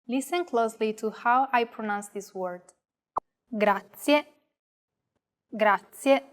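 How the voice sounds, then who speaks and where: A woman teaching Italian, modelling words with slow, careful, clearly articulated pronunciation. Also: fairly high pitch. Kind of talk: pronunciation demonstration.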